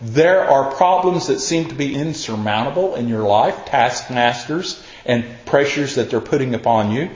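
A man's voice: medium pitch, normal speed, few pauses, a little mellow. A man preaching a folksy, conversational sermon, telling homey stories and acting out the voices of the people in them. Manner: homey storytelling, acts out quoted voices. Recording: roomy, dull lo-fi recording.

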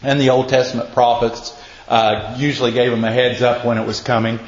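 A man's voice: mid-range voice, level tone, normal speed. A man preaching a casual sermon, telling folksy stories and quizzing his listeners. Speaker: pastor. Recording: echoey, muffled room recording.

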